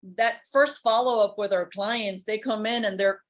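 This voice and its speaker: A woman's voice: mid-range voice, fairly even intonation, moderate pace. A woman who works as a weight loss program doctor, speaking in an upbeat, persuasive way in a casual chat.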